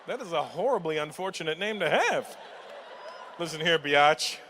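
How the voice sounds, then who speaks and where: A middle-aged stand-up comedian does crowd work live on stage at a comedy venue, teasing the audience and laughing at his own jokes. His voice is on the high side and sharp, with lively intonation and a moderate pace, and crowd and hall noise come through.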